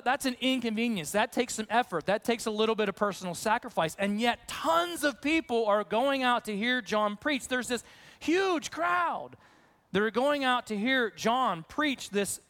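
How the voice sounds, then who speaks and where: Male pastor with a high voice, chatty and animated in his sermon delivery. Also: moderate pace. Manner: conversational, animated, acts out questions.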